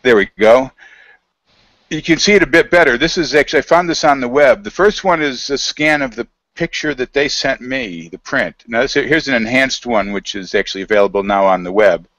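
A man's voice: mid-range voice, lively intonation, a bit bright, no echo. Guy rambling thru a story on a video hangout, lots of ums, dry sound. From United States. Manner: rambling, halting, many fillers, quotes others in dialogue. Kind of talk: casual storytelling over a video call.

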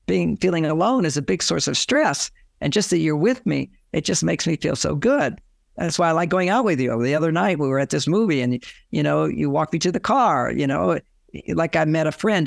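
A man with a slightly raised, gravelly voice gives relationship advice as an interview guest. He rambles and often acts out bits of dialogue. The sound is dry, with no room echo. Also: on the high side.

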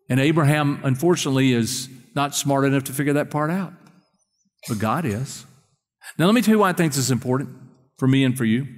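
Man preaching in a reverberant church. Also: on the high side. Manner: conversational preaching, quizzing the congregation. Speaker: pastor. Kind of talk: sermon. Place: church sanctuary. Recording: long hall reverb.

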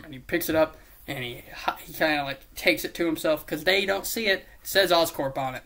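A man rambling casually through a movie pitch, swearing freely and mocking himself as he goes. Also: brisk, gravelly, bright, forceful tone. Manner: profane, rambling, self-mocking, with silly put-on voices. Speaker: YouTuber pitching a movie idea.

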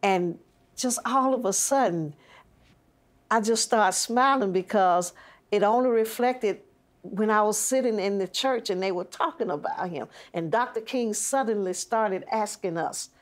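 A woman's voice: medium pitch, unhurried. A woman interviewee recounting a childhood memory as a vivid, detailed storyteller. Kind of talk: storytelling recollection.

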